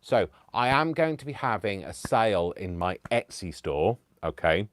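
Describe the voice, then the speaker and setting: A man's voice: lowish voice, big pitch swings, normal speed, fairly bright tone, dry recording. A man hosting a casual live stream, chatting to viewers in a rambling, self-deprecating way from home. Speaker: livestream host making digital crafts.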